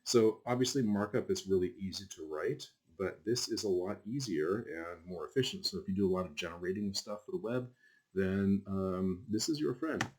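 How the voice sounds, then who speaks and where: A very low-pitched man gives a relaxed screen-recorded lecture to his class. He rambles, drifts into asides and fills gaps with ums and likes. Keyboard typing can be heard now and then behind him. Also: normal speed. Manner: casual, rambling, with frequent fillers and asides. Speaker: college instructor.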